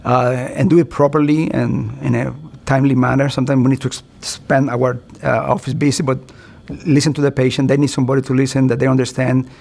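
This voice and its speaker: A man's voice: mid-range voice, level tone, a little fast, creaky, a little mellow. A middle-aged man, a physician, giving a recorded continuing-education lecture in an earnest, conversational way. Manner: earnest, conversational, acts out doctor-patient exchanges.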